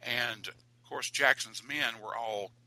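A man, an author and guest, telling a ghost story in an animated, dramatic way. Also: mid-range voice, measured pace, dry recording, poor audio.

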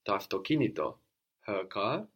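A man with a somewhat low voice leads a language lesson. He explains each point patiently, then says phrases for his student to repeat. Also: very animated, moderate pace, fairly bright tone, breathy edge. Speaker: language teacher.

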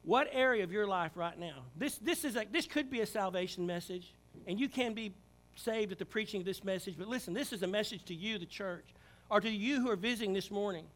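A male pastor preaches from the pulpit in a high, bright voice. He builds to loud, emphatic calls to his congregation, then sinks low and hushed for prayer. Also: a little fast. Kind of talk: sermon. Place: church sanctuary.

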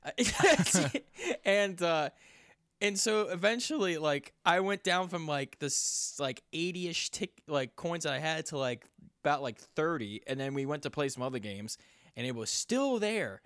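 A young man spins a rambling, profanity-laced story in loose casual chat. He grows louder and much higher as his frustration builds. The sound is close and dry, with no room around it. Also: animated, a little slow, no echo. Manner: rambling, profane, gets loud and high when riled. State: sore.

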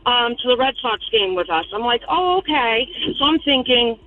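A woman's voice: fairly high pitch, expressive, moderate pace, dry recording. A woman calling in to a radio show, telling her story bluntly and with emphasis. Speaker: caller. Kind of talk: phone-in storytelling. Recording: tinny phone line.

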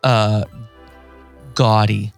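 A man chatting casually as a podcast co-host, animated and laughing, acting out quotes in exaggerated voices. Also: lowish voice, very slow, vocal fry, smooth, faint music behind. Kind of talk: casual chat.

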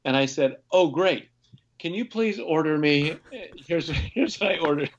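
A man's voice: on the high side, expressive, a little slow, muffled recording, slight background noise. A man, an ultrarunner from the United States, guesting on a podcast and telling his stories in a rambling, casual way with frequent restarts. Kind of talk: casual conversation.

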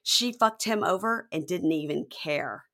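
A woman's voice: on the low side, animated, unhurried, fairly bright tone. A woman quoting a bitter, hurt young man. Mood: aggrieved.

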